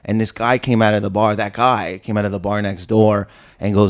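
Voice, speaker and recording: A man's voice: on the low side, a little fast. Man telling stories with acted-out voices. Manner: animated storyteller who acts out other people's voices. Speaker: comedian guest. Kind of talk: casual storytelling chat.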